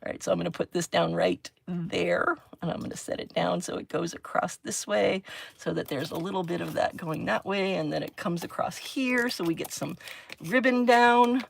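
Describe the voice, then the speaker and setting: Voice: mid-range voice, normal speed, vocal fry. A middle-aged crafting host chatting casually on a livestream while working. Chatty and giggly, with frequent exclamations.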